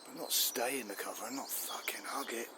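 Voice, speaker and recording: A man's voice: medium pitch, brisk, background noise, natural voice. A man playing an indignant, complaining army chief. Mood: exasperated. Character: exasperated male army chief. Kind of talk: improvised comedy.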